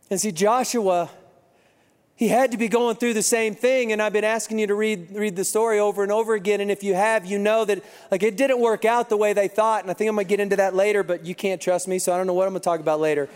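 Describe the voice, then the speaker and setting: High-voiced pastor preaching in a reverberant hall. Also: male voice, darkish tone. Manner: conversational storytelling with quoted voices. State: congested from crying. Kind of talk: sermon.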